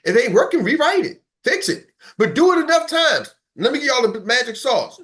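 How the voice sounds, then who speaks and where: Man, sales coach, high voice, pumped-up motivational talk, punchy repetition. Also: very animated, brisk, fairly bright tone. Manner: fired-up, emphatic, preachy, repeats for punch; talks straight to a live group, calls on listeners by name. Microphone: online meeting.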